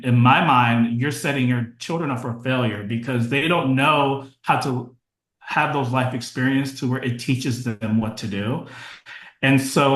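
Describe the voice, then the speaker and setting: A man's voice: medium pitch, a bit bright, echoey room, poor audio. A man as a podcast guest, talking candidly in a casual interview with short, restarting phrases and frequent fillers. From United States.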